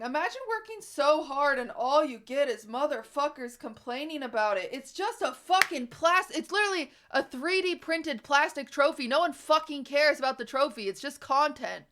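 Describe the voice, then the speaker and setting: A woman's voice: high-pitched, pushed and bright. A young woman streamer ranting at her live chat, exasperated and profane, hammering her points home.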